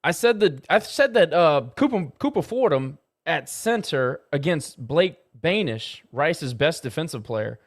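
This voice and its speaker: A man's voice: fairly high pitch, expressive, measured pace, few pauses, dry recording, clean studio sound. A man co-hosting a sports podcast, upbeat as he breaks down player matchups. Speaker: podcast co-host. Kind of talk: casual sports analysis.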